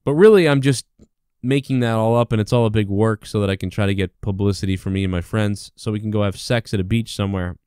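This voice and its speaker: A man's voice: on the low side, fast, a little mellow, clean tone, no echo, studio quality. A man hosting his own show, ranting in a rambling, profane comedic monologue. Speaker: show host.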